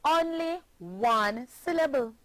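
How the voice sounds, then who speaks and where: Woman teacher from Jamaica, very slow careful speech, slightly high voice, dry close sound. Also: expressive, no room sound. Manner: clear, deliberate, spells out words letter by letter. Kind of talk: slow classroom pronunciation lesson.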